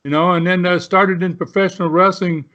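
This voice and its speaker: A man's voice: sits high, steady tone, a little fast, fairly bright tone, muffled recording. A man in his seventies, a former wrestler, tells stories as an interview guest in a rambling way, full of "uh" and "you know" fillers. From Southern United States. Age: 70s. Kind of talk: storytelling in a casual interview.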